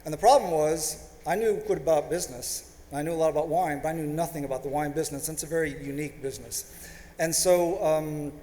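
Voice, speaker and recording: A man in his fifties with a somewhat high voice tells a story to an audience, acting out each side of the conversation. His self-deprecating delivery carries through a lecture hall with a long, roomy reverb. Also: fast talker, warm tone. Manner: anecdotal, self-deprecating, acts out quoted dialogue. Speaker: panelist. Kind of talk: storytelling talk on a panel.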